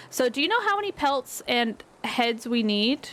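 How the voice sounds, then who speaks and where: A woman's voice: on the high side, big pitch swings, normal speed, a bit bright. A woman streaming a survival game with a friend, chatting casually and rambling, laughing often. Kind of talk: casual gaming chat.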